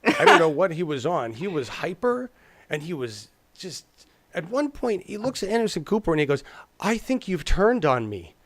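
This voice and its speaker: A man's voice: high-pitched, sing-song, moderate pace, fairly bright tone, no echo. A man co-hosting a casual political chat, rambling and restarting his words, slipping into mocking impressions. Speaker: podcast co-host.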